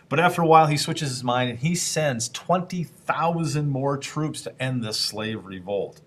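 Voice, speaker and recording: A man of middle pitch lectures on history the way a teacher talks to a class. He keeps it loose and conversational, throws questions at his listeners and slips into quick, playful voices for historical figures before picking the thread back up. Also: fairly bright tone.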